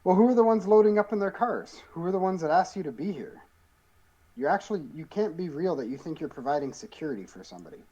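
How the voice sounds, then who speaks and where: A man's voice: high-pitched, lively intonation, fast talker, warm tone, dull audio. Laid-back sarcastic male player. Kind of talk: casual role-play as a player character.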